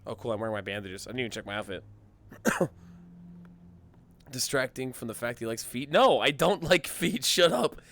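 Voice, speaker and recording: A man streaming a roleplay game, joking crudely and loudly in casual banter with a hoarse voice. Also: medium pitch, animated, moderate pace, long pauses.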